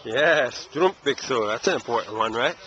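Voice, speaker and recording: A man's voice: medium pitch, expressive, moderate pace, pushed and bright, muffled recording. A man teaching a casual language lesson outdoors at a playground, asking patient, coaxing questions. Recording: noisy outdoor camera audio.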